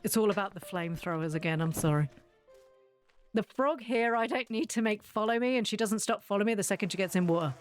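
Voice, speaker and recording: A woman's voice: medium pitch, fast, soft background music. A woman, a streamer telling a laughing, sweary story while playing a game. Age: 40s. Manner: laughing, swearing anecdote teller.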